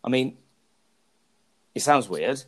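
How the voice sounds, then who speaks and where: A man's voice: medium pitch, lively intonation, takes it slowly, husky. A man co-hosting a podcast, joking crudely and rambling through film plots. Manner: cheeky, crude jokes, rambling storytelling. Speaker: podcast co-host. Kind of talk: casual banter about films.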